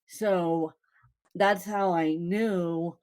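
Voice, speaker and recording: Very slow-talking chatty woman. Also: lowish voice, steady tone, darkish tone. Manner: chatty, repeats phrases, laughs often. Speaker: content creator. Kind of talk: casual vlog talk to fans.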